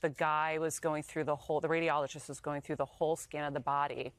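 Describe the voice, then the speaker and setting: Woman sharing a personal story, low-pitched. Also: quick pace, dry recording. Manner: emotional, animated retelling with quoted dialogue. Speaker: interview guest.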